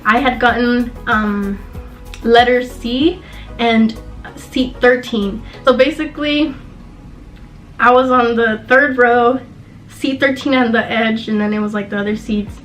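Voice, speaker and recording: A woman's voice: a little high, steady tone, unhurried, a bit bright, soft background music, low-quality recording. A young woman from Southern California telling a personal story in a casual, chatty way, full of fillers. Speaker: vlogger.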